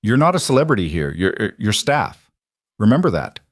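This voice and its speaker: A man's voice: on the low side, big pitch swings, moderate pace. A man voicing a curt, direct food truck owner in a story reading.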